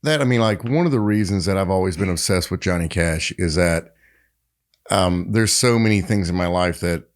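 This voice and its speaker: A man's voice: deep voice, normal speed. A man co-hosting a podcast, telling stories in casual chat with many fillers and restarts. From Tennessee, United States. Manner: animated storyteller, frequent fillers and restarts. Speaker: podcast co-host.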